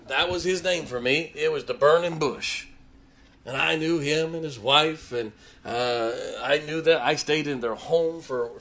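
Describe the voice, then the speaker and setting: Bright-voiced preacher telling a story. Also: male voice, on the high side. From Ohio. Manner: emotional storytelling, drops to a hushed voice for tender moments. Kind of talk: sermon storytelling.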